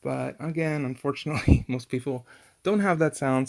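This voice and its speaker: A man's voice: medium pitch, brisk, vocal fry, a little mellow. A man giving a casual language lesson on pronunciation, chatty and full of fillers and restarts. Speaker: language teacher.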